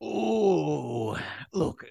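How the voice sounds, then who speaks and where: A man's voice: on the high side, big pitch swings, very slow, gravelly, mellow, breathy edge, no echo, studio quality. A man co-hosting a casual chat, reading news items aloud, playful and laughing often. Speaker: co-host.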